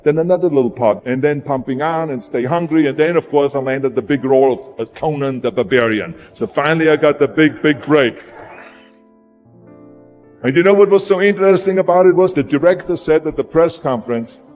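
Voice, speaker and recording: A man's voice: on the high side, fairly quick, a little mellow. A man with a German accent giving a motivational speech, emphatic and repeating words for punch. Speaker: motivational speaker. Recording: long hall reverb with music behind.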